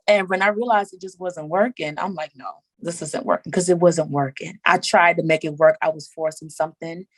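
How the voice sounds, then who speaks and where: Woman podcast guest, lower register, animated, emphatic, dry recording. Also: brisk, few pauses, no echo, low-quality recording. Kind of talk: casual chat.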